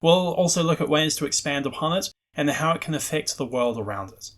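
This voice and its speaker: A man's voice: on the high side, lively intonation, a little fast, hardly any pauses, a bit bright. A man hosting a scripted narration about the history of a tabletop game spell, with wry, self-deprecating asides. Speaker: host.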